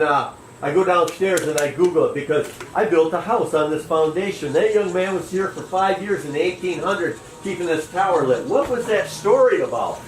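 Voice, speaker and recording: A man guiding a tour, telling a long story to a group in a folksy, animated way. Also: fairly high pitch, slight background noise. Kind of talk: storytelling to a crowd. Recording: roomy distant recording with faint ambience.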